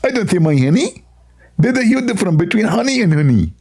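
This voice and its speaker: A man putting on a mocking impression of a prim, self-satisfied male preacher with a squeezed, strained high voice. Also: big pitch swings, fast, a little mellow, exaggerated voice. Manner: mocking impression, fussy over-explaining.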